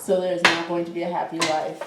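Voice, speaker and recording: A woman's voice: on the low side, little pitch movement, brisk. A woman co-hosting a casual recap chat, jokey, chiming in and acting out characters' lines. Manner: jokey, chimes in and acts out lines. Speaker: podcast co-host recapping a TV episode. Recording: echoey room with faint background noise.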